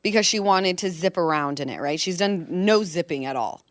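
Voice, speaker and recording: A woman in her thirties hosting a podcast, chatty and quick to laugh, telling long anecdotes about family life. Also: on the low side, animated, no room sound, clean studio sound. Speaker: podcast host. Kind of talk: casual chat.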